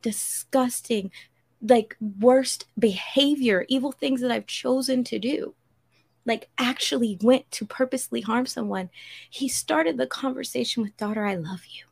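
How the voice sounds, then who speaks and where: A woman's voice: sits high, a little slow, vocal fry, slightly rough. A woman on a podcast making an earnest, preacherly appeal to listeners and quoting scripture. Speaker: podcast regular. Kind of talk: heartfelt spiritual appeal.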